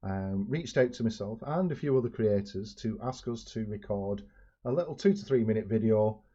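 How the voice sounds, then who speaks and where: A man's voice: on the low side, animated, moderate pace, dark tone. A man from the UK, introducing a video in a chatty way on his channel. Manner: chatty, with fillers. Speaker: YouTube channel host. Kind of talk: casual vlog introduction. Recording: dull lo-fi sound.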